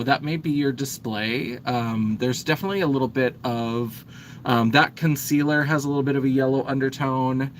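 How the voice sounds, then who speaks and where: Male drag performer, mid-pitch, easygoing livestream chatter while applying makeup; rambling, filler-heavy, trails off mid-thought as he works. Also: fairly bright tone, slight background noise. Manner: talks while busy with makeup, pausing and trailing off. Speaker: drag performer getting ready for a show. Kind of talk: casual livestream chat while doing makeup.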